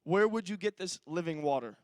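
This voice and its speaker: A man's voice: high-pitched, animated, fairly quick, a little mellow, no echo, studio quality, voice pushed down. A man voicing a sassy, skeptical young woman at a well, answering with slick, dismissive retorts.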